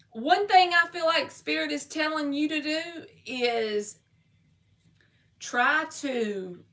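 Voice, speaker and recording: Bright-voiced woman reading tarot live. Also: a little high. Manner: casual, slangy, talks straight to viewers. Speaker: tarot reader.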